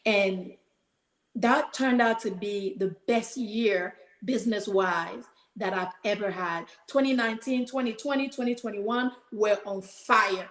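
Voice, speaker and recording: A woman's voice: medium pitch, measured pace, reverberant. A woman guest on a podcast, telling a personal story earnestly and animatedly, quoting her own prayers.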